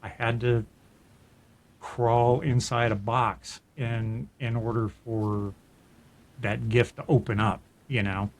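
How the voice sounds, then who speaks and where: This middle-aged podcast co-host speaks at a mid pitch in a plain, steady voice, taking it slowly. He relates a personal story as casual chat, earnest and reflective, often restarting a thought and laughing softly.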